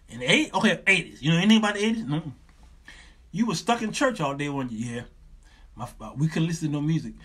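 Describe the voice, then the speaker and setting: A husky, bright-toned man. He hosts a live show off the cuff, swinging his pitch high and low as he plays out every voice in his stories himself. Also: fairly quick. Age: 50s. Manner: animated, acts out both sides of stories in raised voices. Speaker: show host. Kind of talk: live call-in talk show.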